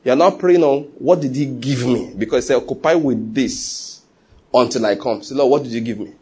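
Animated preacher man, husky. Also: medium pitch, moderate pace. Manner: animated, laughing asides and acted-out quotes. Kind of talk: sermon.

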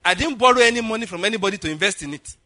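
A preacher from Nigeria tells a story from the pulpit, acting out each character's lines. His voice sits high and bright, and it swings widely in pitch. The sound is dry and close, with almost no room in it. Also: racing, no room sound. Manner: animated storyteller, acts out dialogue, laughs often. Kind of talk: sermon storytelling.

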